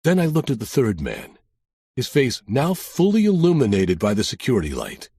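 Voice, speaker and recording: Male audiobook narrator, first person, husky and animated, dry delivery, close dry sound. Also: mid-range voice, moderate pace, no room sound.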